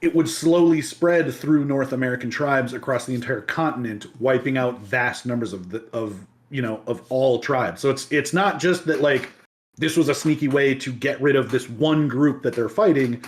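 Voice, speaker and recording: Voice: medium pitch, moderate pace. A podcast host casually retelling history, chatty and digressive with many asides.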